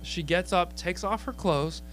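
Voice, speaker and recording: A man's voice: sits high, measured pace. A man, a guest comedian, chatting casually on a podcast and acting out hecklers in his stories. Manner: animated storyteller acting out hecklers.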